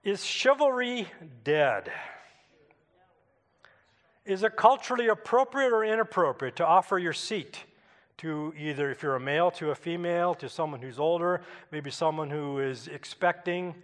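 A man's voice: a little high, moderate pace, a bit bright, long reverb tail. A Canadian man preaching a sermon in a church, telling a personal story in a conversational way and asking the congregation questions. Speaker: pastor.

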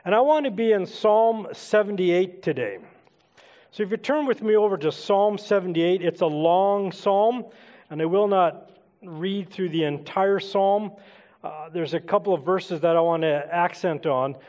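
A man's voice: sits high, unhurried, darkish tone. A middle-aged man preaching an interactive sermon, casually coaxing the congregation to join in. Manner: conversational, coaxing the congregation to take part. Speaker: pastor. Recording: long hall reverb.

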